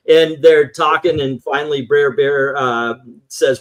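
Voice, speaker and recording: A man's voice: on the high side, fairly even intonation, normal speed. A man talking in a casual livestream chat, ranting animatedly and acting out voices as he tells a story. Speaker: livestream co-host.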